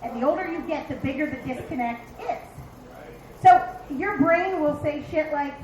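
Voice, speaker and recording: A very high-pitched woman in her fifties, from Philadelphia, works a stand-up crowd with a brash, profane, punchy delivery. Her voice rings through an echoey dive bar room, picked up by a handheld stage mic. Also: normal speed, a little mellow. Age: 50s. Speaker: stand-up comedian. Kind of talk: stand-up comedy set.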